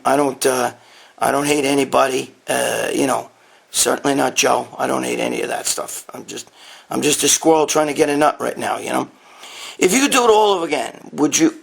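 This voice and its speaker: A man's voice: medium pitch, vocal fry, fairly bright tone, husky. A man hosting a casual live Q&A from his dining room, talking bluntly and profanely into a handheld phone. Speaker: host.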